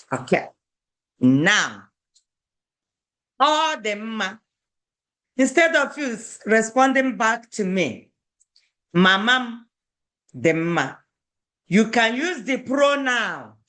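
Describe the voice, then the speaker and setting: An Igbo speaker teaches a beginner language lesson, taking it slowly and going over each phrase again and again. The voice is bright and clear. The pitch rises and falls in a lively, sing-song way. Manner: patient, repeats phrases slowly for learners.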